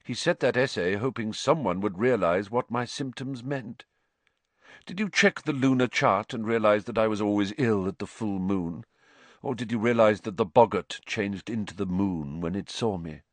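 Guy voicing a calm tired teacher, cool and even, dry close mic. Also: fairly low pitch, dry recording, lightly acted. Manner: cool, measured. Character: calm weary male teacher, gentle.

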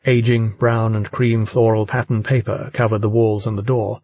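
A male audiobook narrator reading with steady, even delivery. His voice is slightly husky, and the recording is dry and close with no room sound. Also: fairly low pitch, moderate pace, no echo. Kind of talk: scripted narration.

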